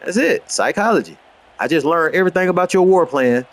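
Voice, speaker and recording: A man streaming a football video game, rambling in brash, boastful, profane commentary and trash talk, dropping to low mutters and then jumping into high outbursts. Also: animated, brisk. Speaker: gamer streaming gameplay.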